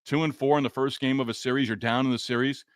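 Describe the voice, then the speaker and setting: A man's voice: mid-range voice, steady tone, fast, smooth, no echo, studio quality. A man hosting a sports podcast, reading listener comments in a frustrated, sarcastic, rambling way. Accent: Boston. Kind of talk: casual sports podcast talk.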